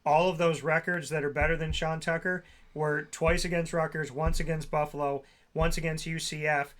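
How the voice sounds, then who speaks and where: A man's voice: a little high, flat delivery, moderate pace, a bit bright. A man co-hosting a sports talk show, reeling off stats and player names in long runs. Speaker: co-host.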